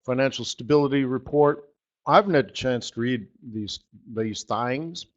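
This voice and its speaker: Host of a markets webinar, male, mid-pitched, wry and rambling, muffled lo-fi sound. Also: normal speed. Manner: sarcastic, joking, rambling asides with laughs. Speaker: forex market strategist hosting a live webinar. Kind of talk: live trading webinar commentary.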